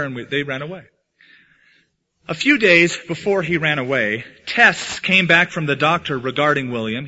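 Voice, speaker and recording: A man preaching a sermon as pastor, swinging from loud emphatic lines to hushed ones. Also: a little high. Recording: dull lo-fi sound.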